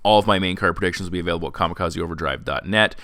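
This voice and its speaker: Guy hosting an mma picks podcast, deep voice but bright and crisp, talks fast. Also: no echo, studio quality. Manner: fast, opinionated, sarcastic at times. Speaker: podcast host. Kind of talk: MMA predictions commentary. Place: classroom.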